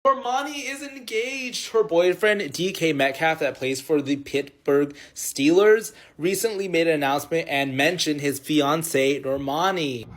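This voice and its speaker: A man's voice: a little high, a little slow, hardly any pauses, fairly bright tone. A man giving casual commentary in a wry, teasing way.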